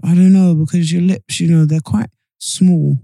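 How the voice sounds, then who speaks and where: Male podcast co-host, slightly high pitch, rambling and self-correcting, a bit chesty. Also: fairly even intonation, normal speed, creaky, mellow, no room sound. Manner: rambling, self-interrupting, laughs often. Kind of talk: casual chat.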